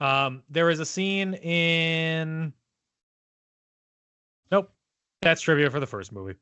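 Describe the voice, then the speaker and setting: A man's voice: fairly high pitch, slow pace, bright, forceful tone, smooth, dry recording. A man co-hosting a film podcast in casual chat, reading out trivia and teasing his co-host. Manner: reads trivia, playful and teasing.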